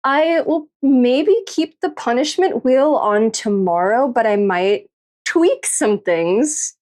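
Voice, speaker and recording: Giggly, lively-pitched woman streamer. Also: slow. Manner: giggly, swears freely, rambling. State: tired and tipsy after drinking. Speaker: livestreamer. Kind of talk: casual late-night stream chat.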